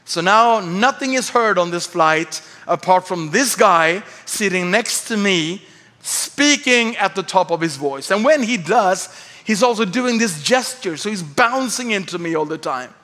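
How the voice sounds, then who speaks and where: A man pastor with a Swedish accent, telling a humorous story in a sermon, animated and self-mocking. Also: sits high, measured pace. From Sweden. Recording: church hall reverb.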